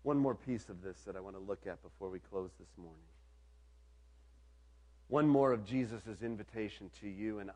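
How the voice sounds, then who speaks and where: A man preaching an earnest storytelling sermon, dropping to a soft low voice on key lines.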